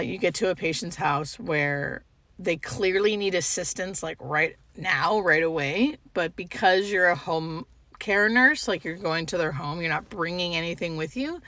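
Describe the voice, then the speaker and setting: A young adult woman, a hospice nurse, talking tearfully to the camera from her parked car, halting and fighting back tears. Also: fairly low pitch, pushed and bright, dry recording. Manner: halting, emotional, restarts with fillers. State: tearful, holding back crying. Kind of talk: emotional vlog, talking to camera.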